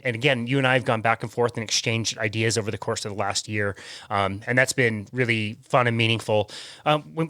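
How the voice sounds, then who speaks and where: A man hosting a podcast, friendly and quick to laugh, interviewing a guest. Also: mid-range voice, pushed and bright, no echo, clean studio sound. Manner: friendly, laughs often, uses fillers. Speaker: podcast host. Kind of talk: casual interview chat.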